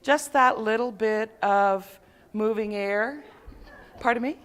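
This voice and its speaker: A woman instructor leading a live group through laughter yoga at a conference session, playful and quick to laugh as she chants and calls out to the group. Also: on the high side, a bit bright.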